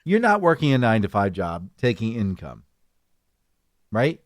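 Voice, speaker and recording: A man's voice: lowish voice, moderate pace, no room sound, clean studio sound. A middle-aged man co-hosting a podcast, running through news items in a casual, jokey way. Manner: animated, jokey, drops into mock voices. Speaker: podcast co-host. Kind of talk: casual news roundup chat.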